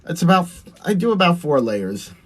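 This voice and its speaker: A Long Island man, a drag performer, talks on a livestream while doing his makeup, responding to viewer comments and laughing a lot. His voice is high with big swings in pitch, and he speaks at a normal speed.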